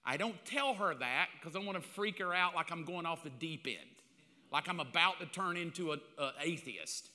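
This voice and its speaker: An older male pastor preaches with a high, piercing, forceful voice. He tells a story on himself, self-mocking and confessional, dropping to near-whispers and then rising again. The sound rings with the long echo of a large hall. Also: animated, normal speed. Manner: confessional, self-mocking, swings between loud and hushed. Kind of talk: storytelling sermon.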